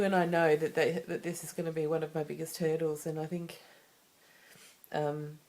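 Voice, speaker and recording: An Australian woman speaks into the camera in a low voice, sharing personal matters in a confessional vlog. She rambles candidly and often restarts her sentences, circling back with asides as she goes. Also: level tone, moderate pace, a little mellow. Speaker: vlogger.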